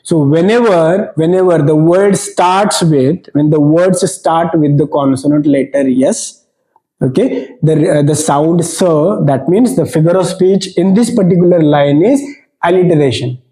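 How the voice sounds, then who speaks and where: A man's voice: fairly high pitch, measured pace, mellow, low-quality recording. A man teaching a poetry lesson for exam students, explaining step by step and repeating key phrases for emphasis. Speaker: English teacher.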